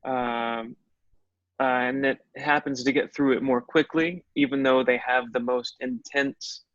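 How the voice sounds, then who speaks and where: A man's voice: medium pitch, fairly even intonation, a little slow, fairly bright tone, no echo. A man who is an actor, telling stories in a reflective way as a guest in a casual interview. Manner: reflective storytelling. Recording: dull, dry audio.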